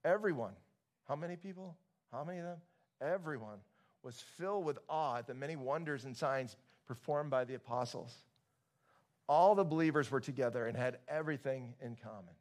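A man's voice: medium pitch, moderate pace, darkish tone. A male pastor preaching a casual, joking sermon to his congregation, with many restarts.

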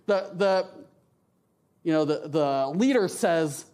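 A man's voice: fairly high pitch, takes it slowly. A man preaching a sermon with slides in a church, talking in a conversational way, often tagging his sentences with "right?" and acting out the voices in his quotes. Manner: lively, animated, acts out voices in quotes. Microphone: handheld mic.

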